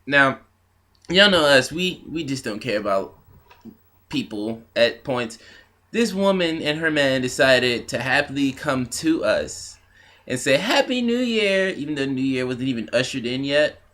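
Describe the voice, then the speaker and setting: A man co-hosting a comedy vlog, chiming in with deadpan, profane remarks. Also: medium pitch, measured pace. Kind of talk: casual storytelling.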